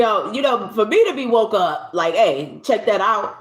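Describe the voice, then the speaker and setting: A woman's voice: fairly high pitch, expressive, moderate pace, hardly any pauses, roomy sound. A woman giving a collective tarot reading in a loose, conversational way, often repeating and restarting her phrases. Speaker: tarot reader.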